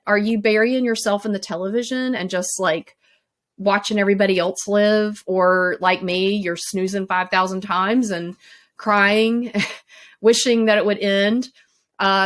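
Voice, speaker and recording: A woman giving a relaxed, motivational coaching talk in a chatty, conversational way. Her voice sits at a middle pitch, and she often laughs at herself. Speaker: life coach.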